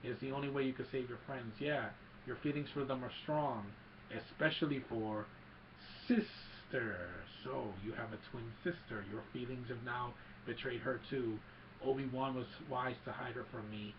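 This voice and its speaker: A man voicing a menacing armored male dark lord, speaking with low, flat menace on a dull lo-fi recording with faint hiss. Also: moderate pace, close to an everyday voice.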